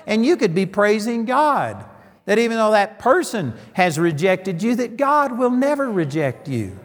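A man's voice: sits high, long reverb tail. A middle-aged man preaching a sermon, telling folksy stories and landing emphatic punchlines.

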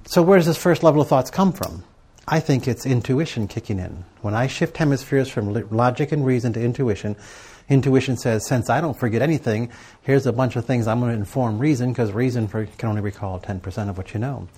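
A man's voice: medium pitch, fairly quick, hardly any pauses, warm tone, slightly rough. A middle-aged man giving a sermon to a live audience, telling stories and asking rhetorical questions in a conversational way. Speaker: preacher teaching on prayer and journaling.

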